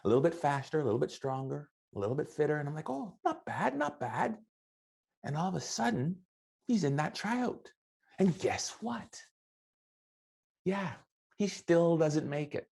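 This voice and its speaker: A middle-aged man giving an animated motivational keynote, telling stories and acting out the dialogue. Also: fairly high pitch, normal speed, creaky. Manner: animated, acts out dialogue with voices. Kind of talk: motivational storytelling speech.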